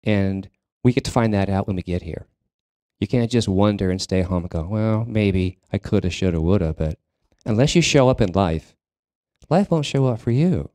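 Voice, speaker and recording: A man preaching a sermon as minister of a spiritual congregation, talking in a halting way, with fillers and restarts as he searches for words. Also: lowish voice, lively intonation, a little mellow, no room sound, clean studio sound. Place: church sanctuary.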